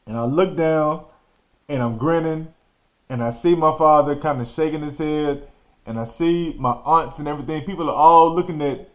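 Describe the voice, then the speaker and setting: A man from Texas hosting a podcast, telling a story in an animated, slangy way and acting out the scenes. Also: fairly high pitch, moderate pace. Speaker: podcast host. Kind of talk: storytelling monologue.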